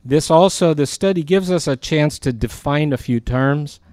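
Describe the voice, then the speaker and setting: A man's voice: a little high, normal speed, a little mellow, no echo, clean studio sound. A man, a pastor, teaching through a Bible passage and reading verses aloud with earnest emphasis.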